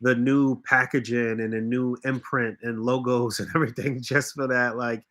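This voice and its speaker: Bright-voiced man, casual and emphatic. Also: medium pitch, level tone, moderate pace. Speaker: podcast co-host. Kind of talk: casual live-stream chat.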